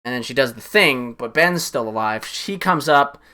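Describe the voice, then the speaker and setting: A young man casually recapping a film on a stream, rambling and profane, excitedly acting out lines from the scenes. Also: medium pitch, normal speed.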